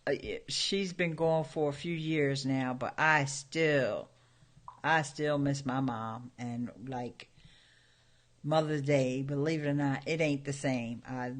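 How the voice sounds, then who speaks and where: A woman's voice: a bass voice, fairly even intonation, slow pace. A middle-aged woman hosting a casual livestream from home, telling stories and talking straight to her viewers in a chatty way. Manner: chatty storyteller addressing viewers. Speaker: YouTube host.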